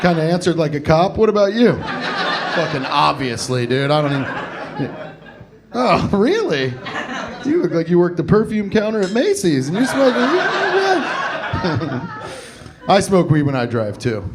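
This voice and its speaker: A brash, profane stand-up comedian from Cincinnati teases his audience with a lively, bouncing delivery. His voice sits a little high for a man. He is recorded on stage in a comedy club, and loud crowd laughter surrounds him. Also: moderate pace, pauses often. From Cincinnati, Ohio.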